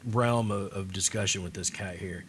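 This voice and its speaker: A man co-hosting a radio chat, talking in a relaxed, rambling way. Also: deep voice, normal speed, a little hiss or hum. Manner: relaxed, rambling, lots of fillers. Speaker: radio show co-host. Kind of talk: casual chat.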